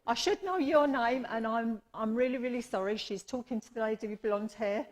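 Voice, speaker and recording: A woman medium speaks a little fast in a fairly high voice while giving readings at a church service. Affectionate and chatty, she repeatedly calls people "my lovely" and says sorry often in this live demonstration.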